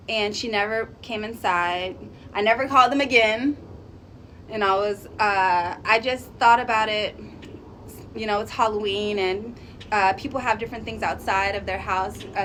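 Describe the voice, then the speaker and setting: A woman vlogger casually telling a spooky story to her viewers, chatty and animated, often laughing and drawing out her words. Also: medium pitch, a little hiss or hum.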